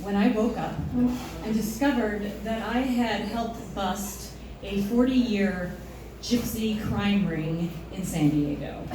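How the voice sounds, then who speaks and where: Animated woman storyteller on a booming stage. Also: takes it slowly, noisy background. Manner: animated, self-mocking, laughs through lines. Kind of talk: live personal storytelling. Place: stage in a hall before an audience. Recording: echoey hall, distant mic, audience.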